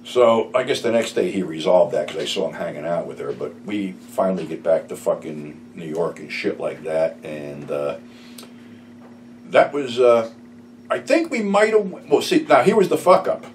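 A man's voice: low-pitched, sing-song, moderate pace. A middle-aged man telling profane, rambling stories from his past in a casual way. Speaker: YouTube storyteller. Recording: slightly distant mic, faint room noise.

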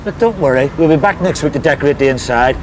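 A man's voice: on the high side, lively intonation, fast, background noise, lightly acted. An actor playing a laid-back Irish decorator foreman in a sitcom, speaking with an Irish accent. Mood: casual.

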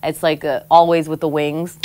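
Low-voiced woman from American Samoa. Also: normal speed, slight background noise. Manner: frank and expressive, laughs often. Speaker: interview guest. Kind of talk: candid conversational storytelling.

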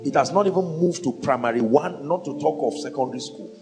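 A man's voice: on the high side, a little fast, over music. A man with a Nigerian accent preaching a sermon from a pulpit, emphatic and full of rhetorical questions. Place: at a pulpit before a congregation.

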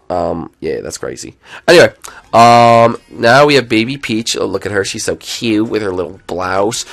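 A young man commentating his own live video game stream, chatty and excitable, swinging from loud outbursts to low muttering. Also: moderate pace, vocal fry.

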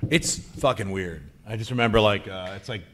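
A man's voice: fairly low pitch, moderate pace, background noise. A man chatting casually as a guest on a convention stage panel, enthusiastic and profane, joking freely as he recommends things. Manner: enthusiastic, profane film buff who jokes freely.

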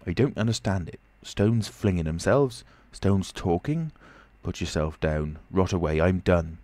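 A man's voice: sits low, lively intonation, unhurried, darkish tone, no room sound. A man voicing a frightened, blustering tramp who talks in coarse rustic speech, in a storybook reading. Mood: agitated.

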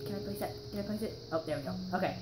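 Racing along in a medium-pitched voice, a young woman chats her way through casual gameplay on her gaming channel, rambling and leaning on fillers while her throat sounds a bit sore. There's background noise, a roomy echo, and music behind her.

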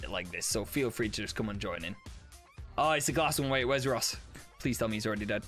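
A man streaming games, chatting casually and excitably, swearing often and breaking into laughter. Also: fairly low pitch, a little fast, faint music behind. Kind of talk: casual gaming stream chat.

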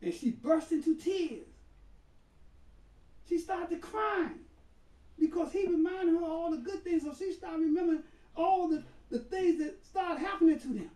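An imam preaching a storytelling sermon, unhurried and conversational, with sudden emphatic bursts. His voice sits high yet mellow. It comes from a distance through a large reverberant room. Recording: roomy hall, voice far from mic.

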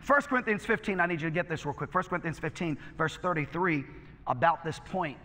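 A man's voice: a little high, a little fast, bright, forceful tone, in a large hall, a little hiss or hum. A male pastor preaching a sermon, exhorting and calling out to his congregation. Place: church sanctuary.

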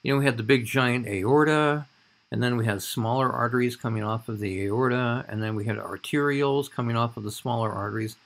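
A man's voice: medium pitch, a little fast, gravelly, a bit bright. A man giving a recorded anatomy lecture over slides, talking in a conversational way and often checking in with "all right?".

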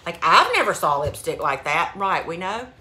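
A woman's voice: fairly low pitch, very animated, moderate pace, background noise. A woman selling beauty products, talking casually and upbeat to her phone camera at home. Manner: chatty, upbeat, says "like" often. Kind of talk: casual vlog.

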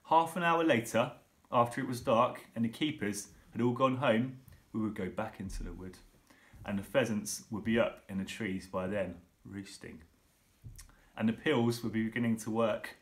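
A doting, enthusiastic father from a storybook, warmly affectionate and swept along by his own scheme, as read by a man. He talks to his son with fond, eager assurance. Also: mid-range voice, fairly even intonation, normal speed, natural voice. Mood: dreamy. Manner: affectionate, carried away by his plan.

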